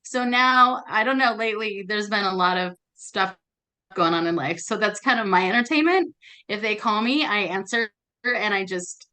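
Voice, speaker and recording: A woman in a casual group discussion, sharing animated anecdotes about work. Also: mid-range voice, moderate pace. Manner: animated storyteller. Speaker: notary meetup participant.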